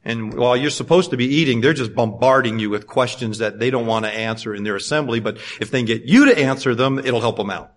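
Man preaching, loud and soft by turns. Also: medium pitch, fast talker, few pauses. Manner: swings between loud preaching and quiet storytelling. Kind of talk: sermon.

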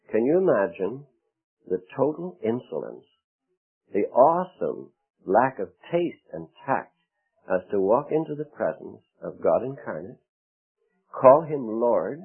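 A man preaching a sermon, expressive, with dramatic pauses and acted-out quotes. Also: mid-range voice, breathy edge. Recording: tinny phone-like radio broadcast.

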